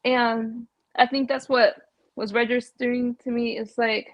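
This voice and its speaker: Halting woman caller on a livestream. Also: on the high side, level tone, no room sound, highs cut off. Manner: halting, full of "like" and restarts. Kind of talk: casual, emotional sharing.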